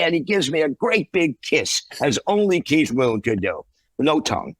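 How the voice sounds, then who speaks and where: A man telling a wild anecdote from his time as a touring musician, animated and acting out the voices in it. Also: medium pitch, moderate pace, dry recording. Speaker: guest musician. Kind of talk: anecdotal storytelling.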